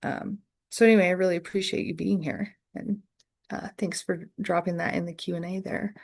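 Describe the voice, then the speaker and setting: A woman leading an online poetry workshop, answering questions slowly and thoughtfully with many fillers. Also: fairly low pitch, fairly even intonation, vocal fry, darkish tone.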